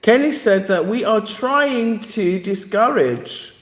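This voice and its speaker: A woman's voice: medium pitch, lively intonation, slow pace. Woman hosting a live stream, emphatic, repeats herself for effect, voice rises and falls a lot, echoey room. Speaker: channel host. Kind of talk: live-stream talk to viewers.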